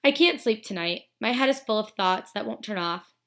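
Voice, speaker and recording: A woman teacher reading a novel aloud to students in a steady, expressive storytelling manner. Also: medium pitch, normal speed.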